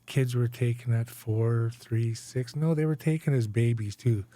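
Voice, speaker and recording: A man's voice: medium pitch, steady tone, unhurried, warm tone. A man in his forties from Canada, a guest telling his life story in a candid interview, tagging his sentences with "right?" and "eh?". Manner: conversational, frequent "right?" and "eh?" tags.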